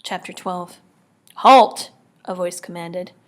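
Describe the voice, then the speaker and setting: Quiet, measured woman reading aloud. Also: mid-range voice, steady tone. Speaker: audiobook reader. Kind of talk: first-person audiobook narration.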